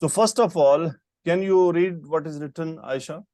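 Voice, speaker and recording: A man with a slightly high voice teaches Arabic verb patterns over a video call. He speaks patiently and keeps quizzing his student. The sound is dry and close. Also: normal speed, warm tone, no echo. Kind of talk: online grammar lesson. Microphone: computer mic on a video call.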